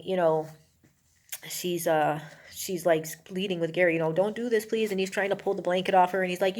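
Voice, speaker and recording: A woman reviewing a movie, retelling its plot in a casual, rambling way with many fillers and acting out the characters' lines. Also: fairly low pitch. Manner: rambling, full of "you know" and "um"; acts out characters' lines in a raised voice.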